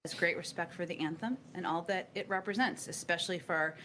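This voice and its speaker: A woman gives a formal press briefing as a government spokesperson, in a lower voice and at a brisk clip. Her phrasing stays measured and official, with faint noise in the background. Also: pushed and bright.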